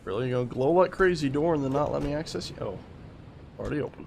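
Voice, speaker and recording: A man's voice: a little high, animated, fast talker, gravelly. A man streaming a game, giving chatty, reactive commentary and swearing when startled. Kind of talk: gameplay commentary. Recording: noisy stream audio.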